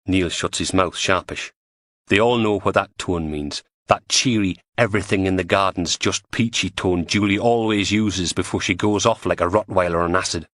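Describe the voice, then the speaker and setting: A man's voice: low voice, normal speed, fairly bright tone, no room sound. A man narrating an audiobook crime thriller in a dry, wry storytelling manner on a close studio mic.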